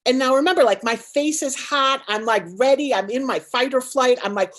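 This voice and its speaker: A woman, co-founder and CEO of a nonprofit, telling a personal story on a panel in a lively, dramatic way full of likes and restarts. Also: high-pitched, a little fast, hardly any pauses.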